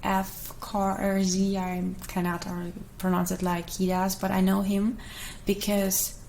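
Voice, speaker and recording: A woman's voice: mid-range voice, completely flat delivery, a little hiss or hum, rough recording. Whispering woman with a German accent. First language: Russian. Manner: soft, hesitant, many pauses. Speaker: ASMR creator. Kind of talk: whispered ASMR Q&A.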